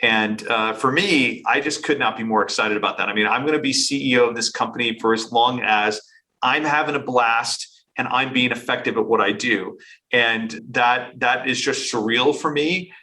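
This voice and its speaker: Fast-talking, animated man with a bright voice. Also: mid-range voice, poor audio. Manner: fast, animated talker with many restarts. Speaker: company CEO, podcast guest. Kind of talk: casual business interview.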